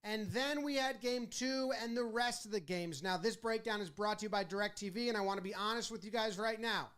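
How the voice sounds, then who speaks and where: A man narrating a baseball highlight breakdown. He is animated and acts out the players' and umpires' lines in quick little voices. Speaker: sports video commentator.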